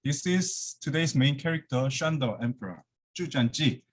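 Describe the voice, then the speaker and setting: A man's voice: medium pitch, lively intonation, normal speed, slightly rough. A man gives an academic lecture over a video call from his office, slightly out of breath, with many fillers and restarts. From Korea. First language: Korean. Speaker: guest lecturer.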